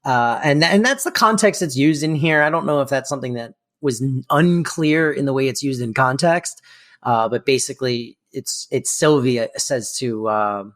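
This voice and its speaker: A man's voice: medium pitch, moderate pace, fairly bright tone. A man co-hosting a podcast in a casual chat, explaining at length with many fillers. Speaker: podcast co-host.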